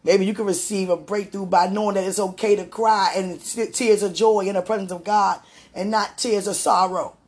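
A woman giving a fervent, emotional prayer and encouragement talk in a gravelly, sometimes hoarse voice, recorded at home. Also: mid-range voice, fairly even intonation, normal speed, a little mellow. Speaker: spiritual vlogger.

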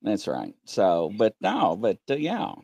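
Gravelly, excitable man guest. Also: lowish voice, slow pace, no echo. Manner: excitable, repeats himself, shouts when retelling stories. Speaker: paranormal investigator guest. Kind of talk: casual chat.

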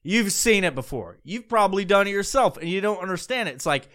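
A man's voice: high-pitched, animated, a little fast, few pauses, fairly bright tone. A young man hosting a podcast, ranting comedically with heavy profanity and exasperation. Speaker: podcast host. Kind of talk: comedic rant.

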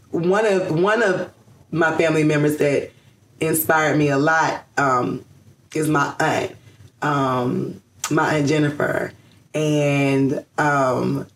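A woman from Georgia in the US, chatting in a casual interview, rambling with many fillers and restarts and laughing often. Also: sits low. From Georgia, USA. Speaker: interview guest. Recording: roomy echo.

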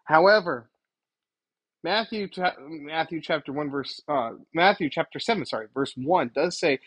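A man's voice: a little high, normal speed, fairly bright tone. A man giving an informal preaching monologue, rambling and correcting himself as he retells scenes and quotes scripture. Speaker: Christian commentator.

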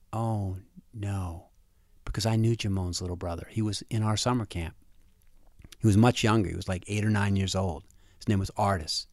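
A man telling a personal story in a halting way, often restarting and repeating words, and often quiet and low. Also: dry recording, studio quality.

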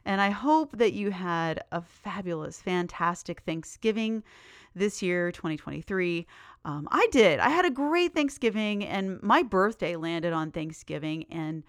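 A woman's voice: fairly low pitch, expressive, unhurried, clean tone, no room sound, clean studio sound. A woman hosting her own podcast in a bubbly, enthusiastic, chatty way. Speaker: podcast host. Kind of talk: casual solo podcast chat.

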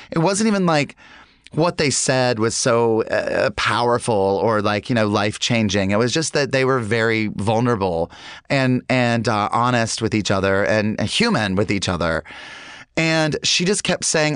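A man's voice: medium pitch, expressive, moderate pace, a bit bright, clear, resonant tone, no room sound, clean studio sound. A man telling a casual anecdote, rambling with lots of fillers and restarts. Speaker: storyteller.

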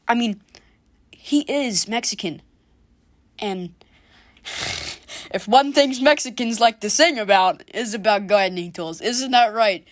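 A woman's voice: a little high, a little slow, pauses often, dry recording. Woman, solo comedy podcaster, sarcastic and sweary, dry close sound. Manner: sarcastic, profane, jokey. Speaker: podcast host. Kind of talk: casual comedic monologue.

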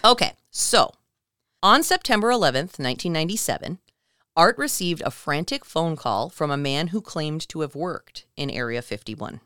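A woman's voice: low voice, moderate pace, smooth, no echo, studio quality. A woman co-hosting a podcast, retelling a story in casual chat and acting out the quotes as she goes. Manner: animated retelling, acts out quotes. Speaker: podcast co-host.

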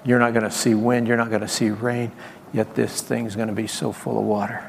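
A male pastor preaches with a gravelly edge to his voice, now and then calling on the congregation to repeat his words. His voice rings out in a reverberant hall, with a faint background hum. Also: on the low side, level tone, a little fast. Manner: preaching with call-and-response and acted quotes. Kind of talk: sermon.

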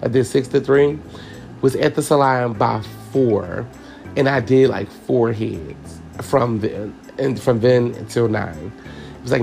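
Candid male podcast host with a raspy, fry-heavy voice, talking casually and profanely to his listeners. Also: medium pitch, darkish tone. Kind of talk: casual personal storytelling.

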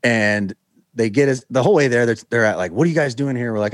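A man's voice: mid-range voice, fast talker, dry recording, clean studio sound. An American man telling a long story as a guest, acting out the voices of the people in it and rambling with lots of fillers. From United States. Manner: animated, acts out quoted voices. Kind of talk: casual storytelling.

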